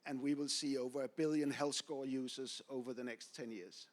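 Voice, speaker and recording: A man's voice: mid-range voice, steady tone, moderate pace. Blunt, opinionated man on a panel. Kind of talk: panel discussion.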